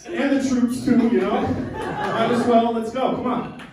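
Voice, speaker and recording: A Colombian man in his twenties performs stand-up in a small black-box theater, trading brash, profane banter with the crowd. His voice is extremely high and steady, and he speaks at a measured pace. The recording is distant and echoey, with a loud audience.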